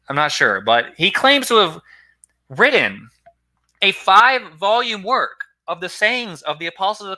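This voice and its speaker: A man with a very bright, slightly high voice talks through church history in a loose, conversational lecture. He often restarts his sentences and corrects himself. He breaks off now and then to greet viewers in a live chat. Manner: rambling, self-correcting, conversational. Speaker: philosophy channel host.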